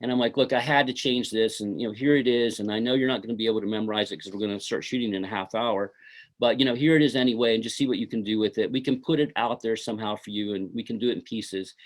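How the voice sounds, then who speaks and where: A man's voice: fairly low pitch, fast. A middle-aged man, a filmmaker being interviewed, telling stories from his film shoot in a rambling way full of "you know" and "uh". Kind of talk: casual interview storytelling.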